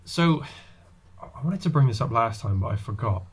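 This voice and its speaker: Animated man chatting on a podcast. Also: normal speed, breathy edge. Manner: animated, acts out quotes with swoops in pitch. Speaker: podcast co-host. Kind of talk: casual chat.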